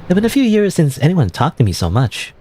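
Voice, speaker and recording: A man reading game dialogue as a shy, lonely teen schoolgirl, soft and musing. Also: fairly high pitch, huge pitch swings, fairly quick, a little hiss or hum, pitched above the performer's own voice. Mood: wistful. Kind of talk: game dialogue read aloud.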